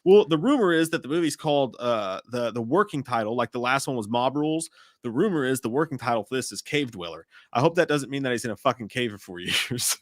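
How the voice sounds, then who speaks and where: A man in his thirties co-hosting a casual live movie chat, telling profane, animated stories. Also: mid-range voice, fast, no echo, clean studio sound. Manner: animated, profane storytelling with frequent laughs. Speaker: co-host of a live movie talk show.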